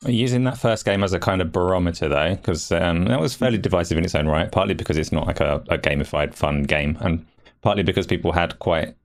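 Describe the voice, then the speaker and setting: A man hosting a casual gaming podcast, putting measured follow-up questions to a co-host. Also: sits low.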